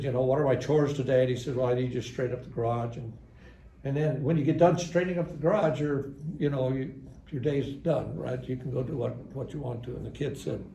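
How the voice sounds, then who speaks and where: An older man, a psychologist, gives a conversational parenting seminar at a church, full of dry, ironic humor. His medium-pitched voice is creaky and dark-toned, and the church hall recording is echoey with faint room noise.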